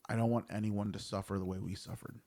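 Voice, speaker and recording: A man playing his character at a tabletop game, earnest and plainspoken with halting pauses. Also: on the low side, level tone, mellow. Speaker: player.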